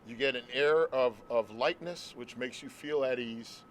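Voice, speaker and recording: A male show host speaking warmly and heartfelt to his guest, outdoors at a stadium. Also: mid-range voice, a little slow, a little hiss or hum. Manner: effusive and heartfelt. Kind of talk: casual interview chat.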